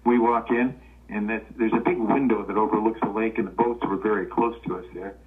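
A man's voice: fairly low pitch, brisk. An older man from Los Angeles, a guest telling old stories and acting out the voices of the people in them. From Los Angeles, California. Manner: relaxed anecdotal storytelling, acting out quoted voices. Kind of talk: storytelling interview. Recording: tinny phone-line sound.

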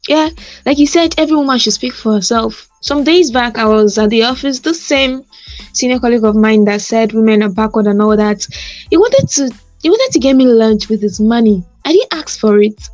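A woman in casual conversation, telling a story in an animated, insistent way. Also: a little high, brisk, no echo, faint music behind. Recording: muffled lo-fi sound.

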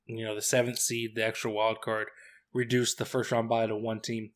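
A young man co-hosting a football podcast in casual chat, relaxed and measured. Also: lowish voice. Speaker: podcast co-host.

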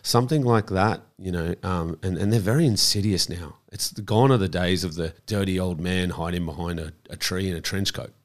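A man's voice: deep voice, brisk, few pauses. A man, talking earnestly in an interview about a campaign he runs and often repeating words as he thinks. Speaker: child protection campaigner, guest. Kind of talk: conversational interview.

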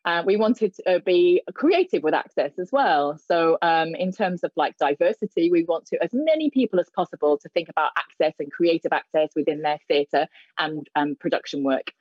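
A woman sign language interpreter gives a live spoken voice to a deaf host's signing, pausing often with fillers and restarting sentences. Her voice sits fairly low. It comes through a dull, muffled video call line with no room sound. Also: animated, a little mellow, dry recording. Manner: hesitant, many fillers and restarts. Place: indoors in front of a plain grey backdrop.

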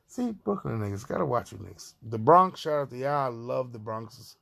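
A man's voice: mid-range voice, expressive, normal speed, gravelly, hardly any pauses, fairly bright tone. A man from Far Rockaway, Queens, with a New York accent, talking through a profane, rambling opinion monologue as a podcast host.

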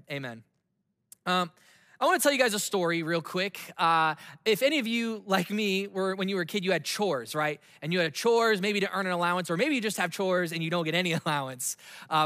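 A man in his thirties delivers a sermon in a high, bright voice that rings through a long hall reverb. He tells a story conversationally, with quick asides and easy laughs. His voice sounds tense and clear. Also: studio quality. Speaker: pastor.

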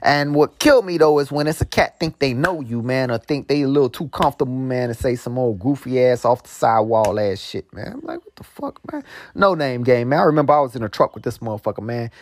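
A man talking in a loose, profane monologue full of street slang and filler asides. He drawls slowly and then breaks into quick, heated storytelling. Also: medium pitch, slight background noise. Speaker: host. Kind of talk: casual monologue.

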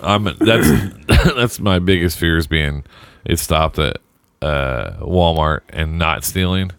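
A man's voice: very deep voice, animated, slow pace, gravelly, fairly bright tone, clear, resonant tone, no echo, clean studio sound. A man in casual banter telling exasperated stories about errands and impatience. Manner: ranting, exasperated storytelling.

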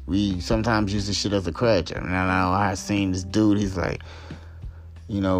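A podcast host with a very deep voice goes on a heated, profanity-laden solo talk-show rant, hammering the same points again and again with blunt emphasis. He speaks a little fast in a steady tone, and faint music plays beneath him.

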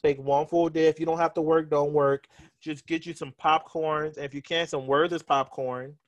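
A man co-hosting a casual podcast, talking in an animated, joking way and laughing often. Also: fairly high pitch, moderate pace, dry recording. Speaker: podcast co-host.

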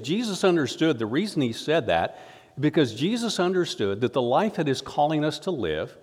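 Earnest pastor preaching in a reverberant hall. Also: male voice, fairly high pitch. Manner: earnest, builds to emphatic rises. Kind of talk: sermon.

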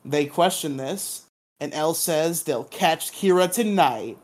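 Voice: mid-range voice, animated, takes it slowly. A podcast co-host giving a casual, playful recap of a drama episode, humming dramatic sound effects and laughing along the way.

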